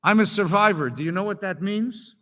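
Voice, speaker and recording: A curt, grieving old man who survived the Holocaust speaks in terse, clipped phrases, as a storyteller puts him on. The voice sits higher than usual and rings through a large hall with a long reverb. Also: fairly quick, pushed and bright. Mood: weary.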